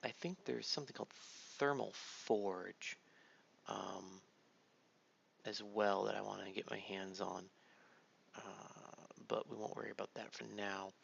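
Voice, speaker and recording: Man, gravelly low voice, tired-dad let's-play chatter, dull lo-fi home mic with faint hiss. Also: fairly even intonation, unhurried, a bit bright. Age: adult father. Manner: rambling, laid-back, many fillers, tired dad tone. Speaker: gameplay video host. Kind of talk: casual let's-play commentary. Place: home computer room.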